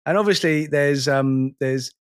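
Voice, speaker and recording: A man's voice: on the high side, clear, resonant tone. A man in his forties co-hosting a podcast, chatting casually and rambling with self-deprecating jokes. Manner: rambling, self-deprecating, quick to laugh and quote lines. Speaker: podcast co-host. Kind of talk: casual chat.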